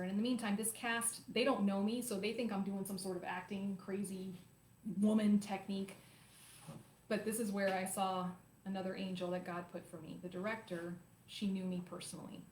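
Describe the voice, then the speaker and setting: A woman in her forties, hosting her own show, telling a personal story to viewers in an animated, emotional, confiding way. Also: mid-range voice, moderate pace, slight background noise. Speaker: host. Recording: roomy echo, faint ambience.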